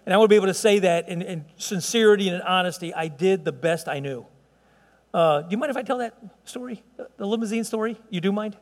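A middle-aged man preaches in a church, his voice pitched high for a man. He talks with passion, stumbling into quick repeats and swinging from hushed to loud. Long reverb from the church hall trails each phrase. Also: expressive. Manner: impassioned, stammering repeats, swings between soft and loud. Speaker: pastor. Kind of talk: sermon. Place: church sanctuary.

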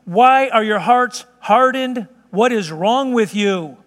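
A man's voice: very high-pitched, expressive, a bit bright, long reverb tail, heavily acted. A man playing an exasperated teacher scolding followers. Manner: rapid-fire rhetorical questions, incredulous.

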